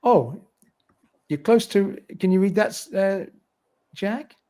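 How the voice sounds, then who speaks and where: A man's voice: high voice, expressive, slow, dark tone. A middle-aged man hosting a livestream, chatting casually, reading viewer comments aloud and laughing often. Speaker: livestream host.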